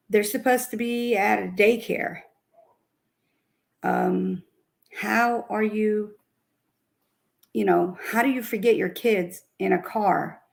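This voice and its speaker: Middle-aged woman host, gravelly and unhurried, rambling casual talk. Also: medium pitch. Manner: rambling, many restarts and fillers. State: out of breath. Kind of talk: casual talk about news cases.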